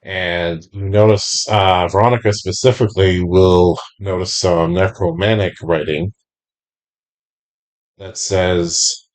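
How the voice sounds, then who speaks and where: Low-ish guy gm, talks real slow, describing the tomb step by step. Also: steady tone. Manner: slow, deliberate scene description. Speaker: game master. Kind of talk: narrating a tabletop game.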